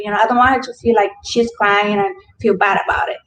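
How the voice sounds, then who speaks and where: A mother in a grief support group speaks candidly in a soft, halting voice. Her voice is fairly high. The room is echoey, with a faint hum of background noise. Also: steady tone. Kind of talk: personal sharing.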